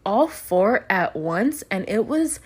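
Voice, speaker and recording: Profane, animated woman venting on a podcast. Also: mid-range voice, slow, husky. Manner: profane, animated storytelling with lots of swearing. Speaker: podcast host. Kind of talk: casual solo podcast vent.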